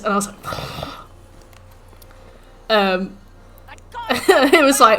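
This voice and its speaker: A young woman talks over her game stream, her voice bright and clear. She rants animatedly, swears freely and acts out the game taunting her in a mocking tone. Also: fairly high pitch, unhurried, pauses often. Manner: animated ranting, swears, mimics the game's taunts. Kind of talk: casual livestream chat while gaming.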